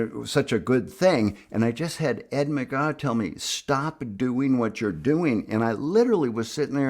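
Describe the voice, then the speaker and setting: A man telling a personal story in an animated, emphatic way, acting out what people said. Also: medium pitch. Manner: animated, emphatic, acts out quoted speech. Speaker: speaker on youth addiction treatment.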